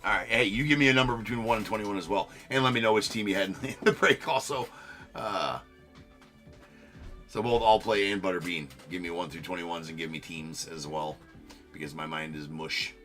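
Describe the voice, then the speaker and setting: A man's voice: normal speed, faint music behind. A young man hosting a live card break stream, chatting loosely with viewers, joking at himself and swearing now and then. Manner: loose, self-deprecating, swears, jumps up in pitch when excited.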